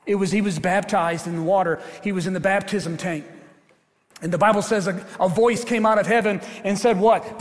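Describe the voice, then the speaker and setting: Man, pastor, sermon, high voice, swings from hushed to loud, long church-hall reverb. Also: fairly even intonation, quick pace. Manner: preaching with big swings from quiet to loud. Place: church sanctuary.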